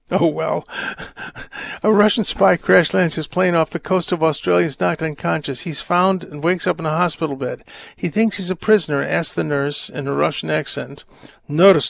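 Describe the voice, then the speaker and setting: A man hosting a Catholic call-in radio show, reading letters and answering questions in a rambling, halting, wry way. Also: a little high, creaky, no room sound, studio quality. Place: radio studio. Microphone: studio microphone.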